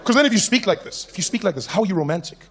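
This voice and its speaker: South african guy doing standup, kinda high voice, animated, faint room noise behind. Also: racing. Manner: animated, switches into character voices and mock-pompous speech. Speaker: stand-up comedian. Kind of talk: stand-up comedy. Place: comedy stage before a live audience.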